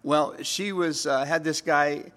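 A man's voice: fairly high pitch, fairly even intonation, takes it slowly, a bit bright. A middle-aged man, preaching a sermon in a conversational way and slipping into quoted voices. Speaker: pastor.

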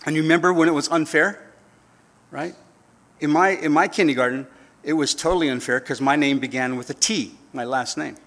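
A man's voice: on the high side, brisk, a bit bright. A man in his fifties preaching a sermon, telling stories with humor and acting out voices. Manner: storytelling with acted-out voices and humor. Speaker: pastor.

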